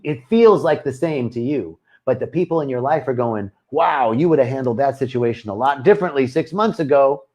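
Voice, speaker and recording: A man's voice: a little high, dark tone, muffled recording. A man leading a retreat, giving a spiritual talk to a live online audience, earnest and given to repetitive, chant-like phrasing. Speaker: retreat leader and spiritual teacher.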